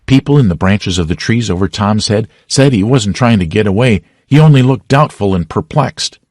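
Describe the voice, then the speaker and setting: A man narrating a classic novel as an audiobook reader, with a dramatic, expressive reading. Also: lowish voice, moderate pace, no room sound, studio quality. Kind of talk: scripted narration.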